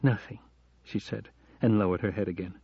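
A man narrating an audiobook in a calm, measured storytelling manner. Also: on the low side, husky, dry recording. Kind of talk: scripted narration. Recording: dull lo-fi audio.

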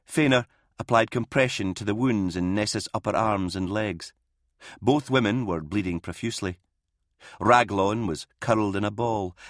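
A male audiobook narrator with a lowish voice, reading in a measured, grave storytelling manner. The recording is close and completely dry. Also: fairly bright tone, no echo. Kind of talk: scripted narration.

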